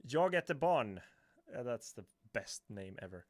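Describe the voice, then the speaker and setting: A man's voice: mid-range voice, sing-song, a little slow, dry recording, clean studio sound. A man from Sweden with a Swedish accent answering viewers' chat questions on a casual livestream. He talks hesitantly, with many fillers, restarts and chuckles. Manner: hesitant, filler-heavy, self-correcting, chuckling.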